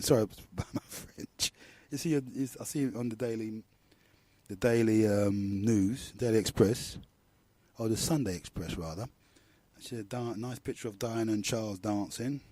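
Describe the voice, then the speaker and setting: Middle-aged London radio host, rambling and slangy, warm low-key tone, dry close sound. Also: male voice, no room sound. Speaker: radio talk show host. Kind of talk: casual monologue.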